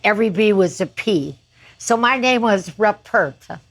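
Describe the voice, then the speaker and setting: A woman in her eighties, a guest singer, telling lively show-business stories in a chatty way. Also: mid-range voice, normal speed, a little hiss or hum, rough recording. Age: 80s. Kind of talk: anecdotal storytelling.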